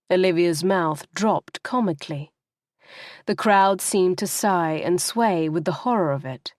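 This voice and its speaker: A woman narrating an audiobook in a measured, expressive reading. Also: lowish voice, no echo, studio quality. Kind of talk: scripted narration.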